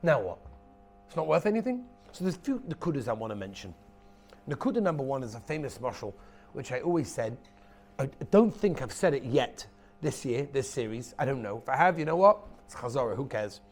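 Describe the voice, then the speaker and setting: A rabbi giving a lively Torah lecture, emphatic, repeating his key phrases and acting out stories. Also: medium pitch, brisk.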